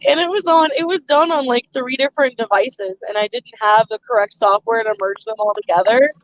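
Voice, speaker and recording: A woman hosts a live stream over a video call in easy, chatty talk, laughing often at her own stories. Her voice sits a little high and comes through muffled and lo-fi. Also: brisk, no room sound. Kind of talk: casual chat. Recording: muffled lo-fi sound.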